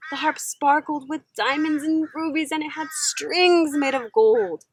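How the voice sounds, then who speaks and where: A woman teacher reading a children's story aloud, slow, gentle and expressive. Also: high voice, slight background noise, rough recording.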